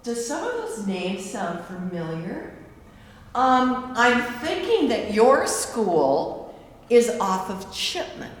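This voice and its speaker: Slow-talking woman in an echoing church. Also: on the high side, big pitch swings. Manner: slow, friendly teacher-like questions to kids. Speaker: church guide for a school field trip. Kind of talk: virtual tour for young children. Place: large church sanctuary. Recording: echoey church hall, from afar.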